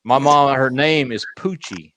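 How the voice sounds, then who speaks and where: A man's voice: medium pitch, a little slow, fairly bright tone. A middle-aged man hosting a casual podcast, telling joking stories in an easygoing way. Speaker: podcast host.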